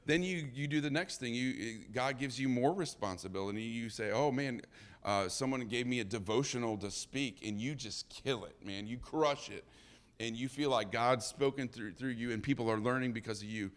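A man preaching a sermon in a lively, conversational way, acting out the characters' dialogue. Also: medium pitch, moderate pace. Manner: animated, conversational, acts out dialogue.

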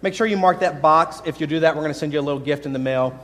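A man's voice: on the high side, rapid-fire, fairly bright tone. A man speaking as pastor in a church service, giving friendly, instructional announcements to the congregation. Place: church sanctuary. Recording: reverberant church hall, faint music.

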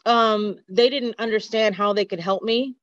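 A woman's voice: medium pitch, fairly even intonation, moderate pace, fairly bright tone, no room sound. A woman speaking as a podcast guest in a candid conversation, earnest, open and reflective. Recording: dull lo-fi podcast audio.

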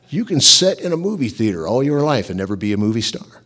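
Husky-voiced pastor preaching. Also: male voice, medium pitch, quick pace, few pauses. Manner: animated, conversational preaching with rhetorical questions. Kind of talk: sermon.

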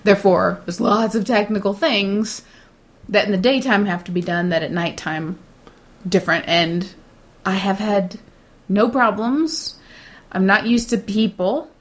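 A middle-aged woman talks in a relaxed, blunt way, sure of herself and unbothered. When she quotes nervous coworkers, she slips into mocking put-on voices. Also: mid-range voice, unhurried. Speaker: data center shift supervisor. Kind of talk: casual chat.

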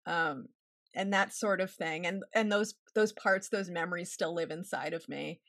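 A woman's voice: lowish voice, normal speed, fairly bright tone, no echo, studio quality. A woman in her forties, a therapist guest in a casual interview, talking candidly and wryly and laughing often. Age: 40s.

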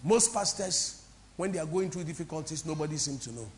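A woman pastor from Ghana, preaching a sermon to a congregation in an impassioned, repetitive, sing-song way that swings between soft and loud. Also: low-pitched, expressive, a little fast, slight background noise. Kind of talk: preaching a sermon with call-and-response. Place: church before a congregation.

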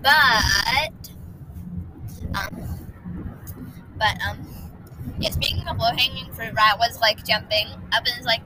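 A groggy woman co-hosting a casual family podcast with her son, animated and giggly with lots of ums. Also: on the high side, slow, long pauses, noisy background. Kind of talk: casual family chat and storytelling.

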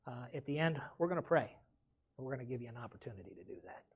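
A man's voice: medium pitch, animated, rapid-fire, breathy edge. A man preaching a sermon as pastor, with folksy casual grammar and frequent calls of "amen?".

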